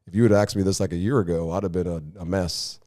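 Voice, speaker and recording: A man's voice: deep voice, fairly even intonation, quick pace, dark tone, dry recording, studio quality. A man as a podcast guest, telling his story in an earnest, reflective way. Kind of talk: casual conversational interview.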